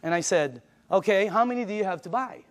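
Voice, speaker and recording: An older man giving an emphatic, energetic sales presentation, retelling phone conversations with friends. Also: high-pitched, a little fast. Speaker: business presenter.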